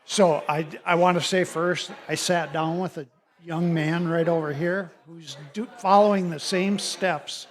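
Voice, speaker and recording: A man from the audience telling a rambling, animated story during a live podcast recorded at a brewery. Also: on the high side, measured pace. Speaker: audience member asking a question. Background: crowd noise.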